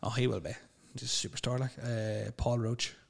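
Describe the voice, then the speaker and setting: A man's voice: medium pitch, fairly even intonation, vocal fry. A young man with a Northern Irish accent chatting casually, telling stories, swearing freely and sometimes stumbling over words. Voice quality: stutters at times. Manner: storytelling, swears freely, quick laughs, mimics others. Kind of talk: casual chat.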